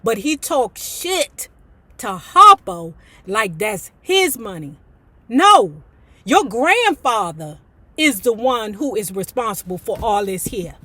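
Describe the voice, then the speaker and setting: A woman reads a novel aloud for a book club in a fairly high voice, slowly and without echo. She is animated, switching between the passages and chatty, sassy commentary.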